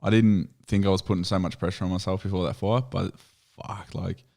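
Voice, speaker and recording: A young man with a broad Australian accent chats easily on a podcast. His voice sits low and gravelly, and he tells his stories in a laid-back way, with plenty of swearing. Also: flat delivery, fairly quick, darkish tone. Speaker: podcast guest, UFC fighter. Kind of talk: casual chat.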